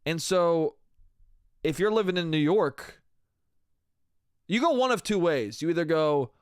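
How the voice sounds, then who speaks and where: A man's voice: a little high, expressive, unhurried, clear, resonant tone, dry recording, studio quality. A young man hosting a solo comedy podcast, rambling loosely and profanely, calling everyone "dude" and "bro". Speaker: podcast host.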